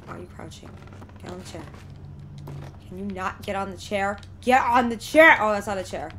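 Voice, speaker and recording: A young woman streaming a horror game live, excitably reacting out loud and talking to the game and her chat from a desk mic at home. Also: mid-range voice, moderate pace, a little hiss or hum. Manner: excitable, exclaims and talks to the game. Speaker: gameplay streamer. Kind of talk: live let's play commentary.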